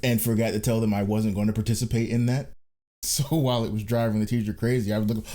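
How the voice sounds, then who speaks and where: A man's voice: on the low side, level tone, fast talker, dark tone. A man co-hosting a podcast in casual chat, telling wry stories and laughing at them. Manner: wry storyteller, laughs at his own stories. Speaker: podcast co-host.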